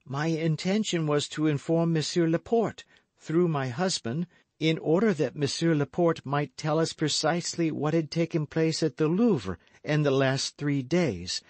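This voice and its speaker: A man's voice: a little high, moderate pace, a little mellow, no room sound, pitched above the performer's own voice, natural voice. A man voicing an anxious, frightened young Frenchwoman in an audiobook reading, speaking urgently and pleadingly.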